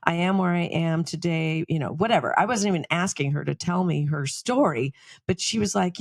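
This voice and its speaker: A middle-aged woman co-hosting a podcast, telling stories in a lively, chatty way and laughing often. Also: lowish voice, fairly quick, gravelly, dry recording. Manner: animated storytelling, laughs often. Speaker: podcast co-host. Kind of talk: casual chat.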